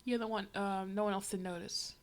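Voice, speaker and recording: A woman with a mid-range voice and fairly even intonation speaks briskly while livestreaming herself reading a comic aloud. Her running commentary rambles, stays wry, and is packed with fillers.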